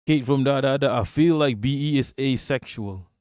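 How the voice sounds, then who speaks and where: A man's voice: medium pitch, normal speed, a little mellow, clear, resonant tone, no room sound, studio quality. A man hosting a livestream, reading viewer comments aloud and answering them in a rambling, profane way. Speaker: livestream host.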